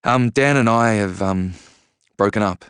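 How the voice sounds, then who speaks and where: Hesitant, upset young woman, read by a man in a deep, smooth voice. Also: a bit bright, dry recording, clean studio sound. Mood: anxious. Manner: hesitant, halting with fillers.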